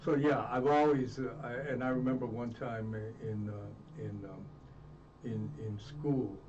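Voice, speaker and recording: A man being interviewed, telling earnest personal stories in a halting way with many restarts. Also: mid-range voice, fairly even intonation, a little mellow. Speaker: interview guest. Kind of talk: reflective storytelling. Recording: distant muffled mic with faint noise.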